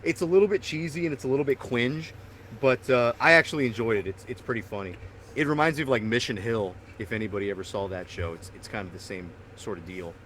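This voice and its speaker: A man's voice: mid-range voice, fast talker, fairly bright tone, a little hiss or hum. A man co-hosting a podcast, telling rambling, profane stories and laughing often. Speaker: podcast co-host. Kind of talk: casual chat.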